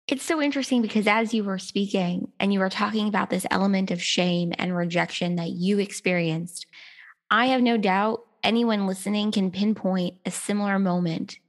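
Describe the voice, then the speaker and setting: A woman's voice: medium pitch, fairly even intonation, moderate pace. Thoughtful woman podcast host reflecting. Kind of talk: reflective conversation.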